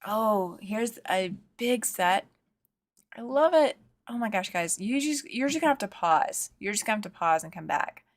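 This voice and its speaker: A woman's voice: medium pitch, lively intonation, normal speed, no room sound. A woman hosting a live show-and-tell stream, gushing over viewers' sewing and embroidery and reading out their comments. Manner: gushing, exclaims often over viewers' work. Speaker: host. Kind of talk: livestream show-and-tell chat.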